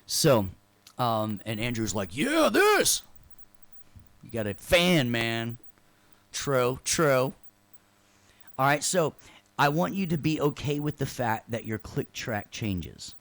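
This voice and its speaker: A man's voice: medium pitch, expressive, unhurried, a bit bright, no echo. A man teaching a casual online class, loose and joking, who keeps checking in with his students by asking "right?". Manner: checks in with frequent "right?" tag questions; loose and joking, with sarcastic asides. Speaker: instructor.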